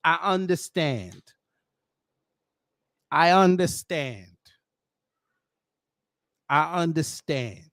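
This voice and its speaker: Man, high voice, mocking slangy commentary, dry close sound. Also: extremely slow, long pauses, no echo. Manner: animated, mocking, slangy, breaks into laughs. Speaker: commentary show host. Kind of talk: casual reaction commentary.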